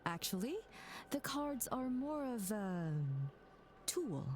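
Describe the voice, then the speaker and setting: An actress playing a calm fortune-telling woman in a game, patient as she explains. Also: sits high, takes it slowly, a little hiss or hum. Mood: explaining.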